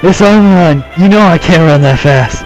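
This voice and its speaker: A man's voice: on the high side, normal speed, lo-fi sound, voice pushed up, natural voice. A man voicing a whiny, put-upon knight in heavy armor, complaining over game music. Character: heavily armored male knight, whiny and winded.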